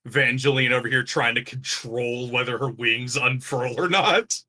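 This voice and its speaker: A man narrating as game master of a tabletop role-playing game, halting with fillers and often laughing. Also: medium pitch, sharp tone.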